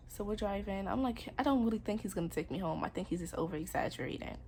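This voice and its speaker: A woman's voice: medium pitch, lively intonation, fast, a little mellow, a little hiss or hum. A young adult woman telling her own story in a personal vlog, candid and earnest, with casual slang. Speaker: vlogger.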